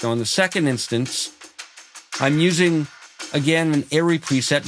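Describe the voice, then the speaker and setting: A man calmly explaining how he builds a cinematic cue in music production software, in a tutorial voice-over. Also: mid-range voice. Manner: calm, explanatory, technical. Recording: voice over loud background music.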